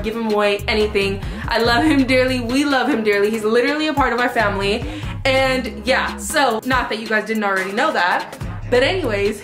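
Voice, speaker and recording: A young woman vlogging at home, chatting to the viewers in a lively, direct way. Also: a little high. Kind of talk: casual vlog chat to camera. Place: home, indoors. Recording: echoey room with faint music.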